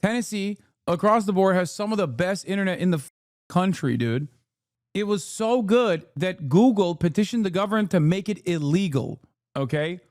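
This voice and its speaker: A male streamer rants through casual reaction commentary, swearing often and jumping between quick asides. His voice sits a little high for a man, and the recording is close and dry with almost no room sound. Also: animated, a little mellow, no echo. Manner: profane, ranting, rapid asides.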